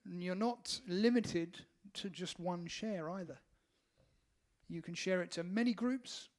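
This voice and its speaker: A playful man with a high voice chimes in on a live music stream, tossing out teasing asides. He keeps things light and jokey. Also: unhurried, a little mellow. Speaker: band member and co-host. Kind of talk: casual live-stream chat.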